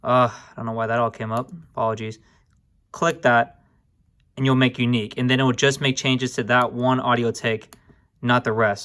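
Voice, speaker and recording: A young man with a mid-range voice hosts a casual screen-recorded tutorial on music production software. He keeps it relaxed and informal, often addressing viewers as "guys" and apologizing for small slips.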